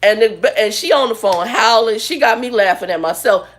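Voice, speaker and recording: A woman in her fifties chatting casually on her vlog, telling stories with a sarcastic, animated manner. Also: on the high side, normal speed. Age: 50s. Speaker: vlogger and ministry leader. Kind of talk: casual chat, storytelling.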